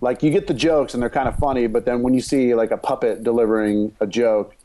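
A man's voice: mid-range voice, fairly even intonation, fast talker, dark tone, a little hiss or hum. A man chatting casually on a podcast about bad movies, rambling and joking as he goes. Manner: rambling, self-interrupting, joking.

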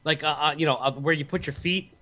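A man co-hosting a podcast, telling a story in a loose, rambling way full of ums and restarts. His voice is bright and sharp, and a little high for a man. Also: quick pace. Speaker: podcast co-host. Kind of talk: casual storytelling chat.

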